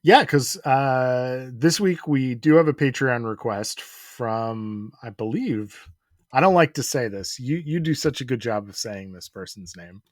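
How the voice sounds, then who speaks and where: A man in his forties co-hosting a podcast, easygoing and quick to laugh. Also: medium pitch, lively intonation, no echo, studio quality. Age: 40s. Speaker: podcast co-host. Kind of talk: casual comedic chat.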